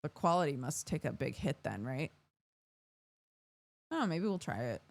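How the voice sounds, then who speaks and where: Woman streamer, young adult, tired casual chat; lowish, animated pitch; dry mic. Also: unhurried, gravelly, no room sound. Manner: chatty, reads out chat and thanks subscribers. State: yawning, tired.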